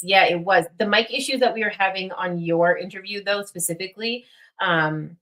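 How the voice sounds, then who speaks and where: A young woman hosting a casual livestream, rambling with many fillers and getting excited. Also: medium pitch, normal speed. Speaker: livestream host.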